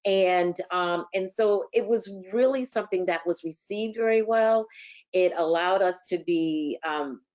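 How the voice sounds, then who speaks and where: A woman's voice: fairly low pitch, measured pace, a little mellow. A woman panelist speaking earnestly and steadily in a webinar discussion over a video call. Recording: dull lo-fi call audio.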